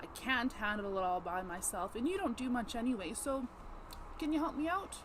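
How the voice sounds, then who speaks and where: A woman voicing a pushy, demanding neighbor in an acted role-play, scolding loudly and ordering him around. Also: a little high, expressive, normal speed, noisy background, natural voice. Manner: loud, scolding, domineering.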